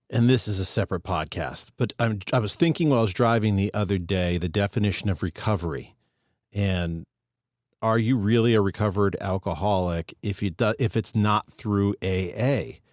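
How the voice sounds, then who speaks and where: A man's voice: lowish voice, expressive, normal speed, darkish tone, no echo, studio quality. A man co-hosting a podcast about sobriety, thinking aloud in a reflective, casual way. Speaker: podcast co-host. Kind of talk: casual recovery podcast chat.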